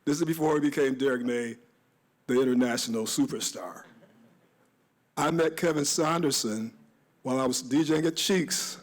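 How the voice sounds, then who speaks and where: A man's voice: medium pitch, moderate pace, pauses often. A man, a DJ on a discussion panel, telling stories in a rambling, reminiscent way with many restarts.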